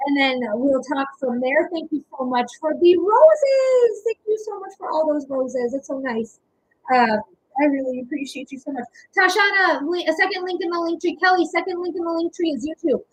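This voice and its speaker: Chatty high-voiced woman livestreaming. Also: rough recording. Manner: chatty, affectionate, frequent "okay?" and "um". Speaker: livestream card reader. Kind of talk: casual livestream chat, reading comments.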